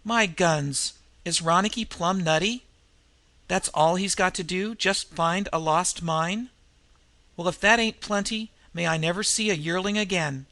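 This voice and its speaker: A man's voice: sits high, measured pace, bright, forceful tone, no room sound, exaggerated voice. A man voicing a blunt, practical male miner who talks in a folksy western way. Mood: exasperated.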